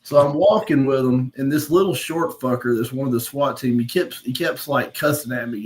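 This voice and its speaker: A man with a drawl, recounting an old bar fight on a live stream. He talks bluntly and swears freely, breaking into laughs at his own story. His voice sits at a middle pitch. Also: a little fast, hardly any pauses, poor audio. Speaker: podcast host.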